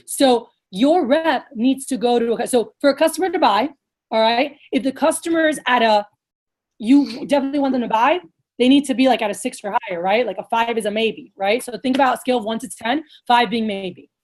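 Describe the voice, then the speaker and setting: A woman coaching sales managers in a blunt, energetic, casual way, swearing now and then and acting out lively sales pitches, heard over a video call. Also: a little fast.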